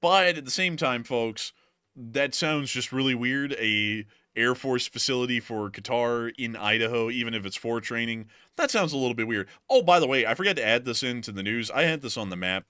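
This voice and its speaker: A man's voice: mid-range voice, animated, normal speed, pushed and bright, clear, resonant tone, no room sound, studio quality. A man hosting a live news stream, folksy and chatty, often calling his viewers folks. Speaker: livestream news host. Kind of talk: casual live news commentary.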